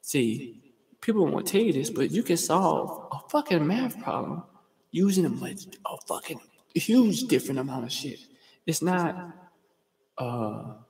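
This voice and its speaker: A young man from Georgia hosting a livestream, telling rambling, profane stories in slangy, fast casual talk. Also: medium pitch, a little mellow. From US state of Georgia. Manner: fast talker. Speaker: livestream host. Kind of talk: casual storytelling monologue. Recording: roomy with long reverb.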